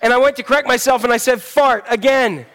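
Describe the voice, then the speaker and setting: A man's voice: extremely high pitch, quick pace, fairly bright tone. A man preaching a sermon as pastor in a church service, talking in a conversational, joking storytelling manner.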